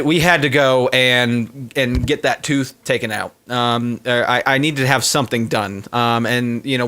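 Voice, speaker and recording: A man's voice: mid-range voice, bright, forceful tone. A man streaming live, chatting casually to his viewers in a rambling, heartfelt way with many fillers and restarts.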